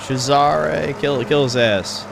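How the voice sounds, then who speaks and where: A man's voice: lowish voice, moderate pace, noisy background. A young man streaming a game, rambling with crude, opinionated commentary. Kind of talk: casual gameplay commentary.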